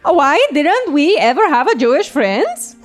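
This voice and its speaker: A woman's voice: fairly high pitch, flat delivery, extremely slow, dark tone, soft background music. A woman playing an adult daughter in an improv scene, pressing her father with earnest questions.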